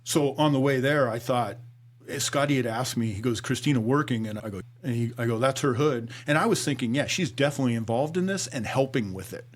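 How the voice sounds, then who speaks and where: A middle-aged man, a former police officer, telling his story to a podcast host, acting out dialogue and sinking low and quiet at grave moments. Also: brisk. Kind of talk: conversational storytelling.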